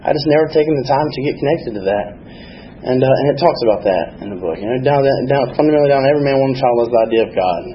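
A man's voice: medium pitch, animated, racing, muffled recording, slight background noise. A man telling his recovery story at a meeting, candid, rambling and self-deprecating. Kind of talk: personal recovery testimony.

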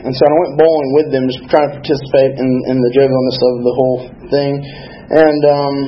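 A man's voice: medium pitch, lo-fi sound, slight background noise. A man telling his recovery story at a meeting, candid, rambling and self-deprecating. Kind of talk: personal recovery testimony.

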